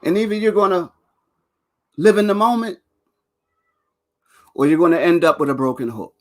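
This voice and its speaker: With lively intonation and a high pitch, a man hosts his own video channel at a moderate pace. It's a casual, rambling rant to camera full of swearing, spoken straight to viewers and broken up by laughter.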